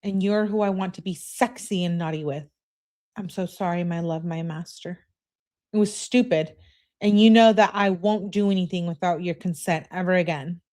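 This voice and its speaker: A woman's voice: on the low side, steady tone, moderate pace, darkish tone, lightly acted. A woman reading out the lines of a submissive young woman who pleads and apologizes. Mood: apologetic.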